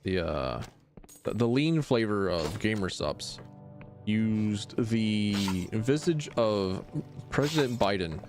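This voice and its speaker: A man with a lowish voice chats loosely during a game stream. His speech swings widely up and down, full of stammered restarts and offhand jokes. Soft game music sits faintly underneath. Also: animated, slow. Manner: rambling and stammering, with frequent restarts and jokey asides. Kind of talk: casual let's-play commentary.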